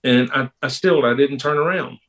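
A man in his fifties, a pastor and police officer, tells a personal story in a halting, unhurried way with frequent pauses and restarts. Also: mid-range voice, a bit bright, rough recording. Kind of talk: personal storytelling in a podcast interview.

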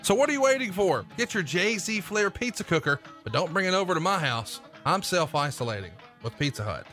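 A male podcast host, doing jokey, brisk ad reads in a casual way. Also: high-pitched, big pitch swings, pushed and bright, soft background music.

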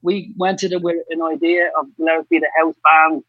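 An Irish man from a pub house band tells his story in quick bursts, stopping and restarting as he talks. His voice is high for a man. The recording is dull and muffled, with a dry, close sound. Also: little pitch movement, dry recording. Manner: quick, halting, repeats himself. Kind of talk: casual podcast chat.

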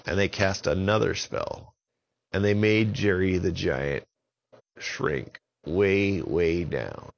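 A man telling a children's story in an unhurried, expressive way. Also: sits low, gravelly, highs cut off.

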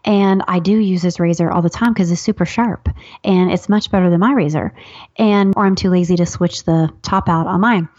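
A woman's voice: lowish voice, brisk, no echo, highs cut off. A woman who is a guest author, telling funny stories in a casual chat and acting out the voices she quotes. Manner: animated, acts out quoted voices, laughs often.

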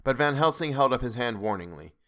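A man narrating a classic novel as an audiobook reader, in a steady, even reading manner. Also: medium pitch, fairly quick. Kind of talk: scripted narration.

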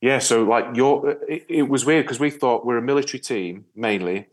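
A man, a guest telling stories in a casual interview chat, full of lively re-enactments. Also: medium pitch, moderate pace. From Yorkshire, England. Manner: storytelling, lively, animated re-enactments. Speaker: guest, ocean rower.

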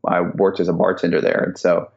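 A man's voice: low voice, little pitch movement, a little fast, gravelly, a little mellow, muffled recording. A man coaching real estate students, telling stories in a rambling way with many restarts, on a call recording. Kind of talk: casual podcast chat.

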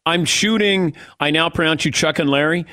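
A man's voice: on the high side, normal speed, bright, forceful tone. A middle-aged man hosting a sports radio show, talking in a wry, self-deprecating way and reading ads live. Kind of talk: casual radio banter and live ad reads. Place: radio studio. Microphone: studio microphone.

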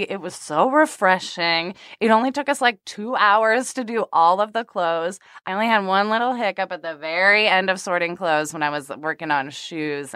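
A woman hosting a podcast, chatting and telling stories in an excitable, bubbly way and laughing often. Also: medium pitch, no echo, clean studio sound. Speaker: podcast host. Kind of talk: casual podcast chat and storytelling.

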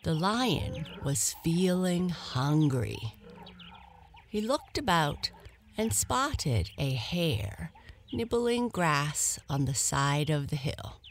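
Woman storyteller, bedtime, very slow, soft, lively melody. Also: low-pitched, a little hiss or hum. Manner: soft, slow and lulling, dropping to a whisper.

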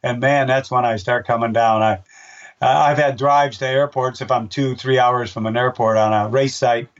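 An older man at a middle pitch tells stories in a loose, rambling way, restarting sentences and slipping into the voices of people in his anecdotes. He sounds set back from the mic, and the recording has a dull, muffled tone. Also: fairly even intonation, moderate pace, far from the mic. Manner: rambling, with many restarts and fillers. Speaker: race announcer. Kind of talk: casual interview storytelling.

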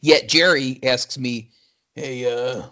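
A man co-hosting a casual podcast, talking in an animated, exclaiming, exasperated way. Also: mid-range voice, takes it slowly, slight background noise. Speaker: podcast co-host. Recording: dull lo-fi audio.

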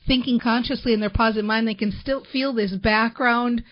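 A woman's voice: a little high, fairly even intonation, brisk, highs cut off. A woman hosting a podcast, chatting enthusiastically and filling her talk with "like" and "you know". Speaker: podcast host. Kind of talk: casual interview chat.

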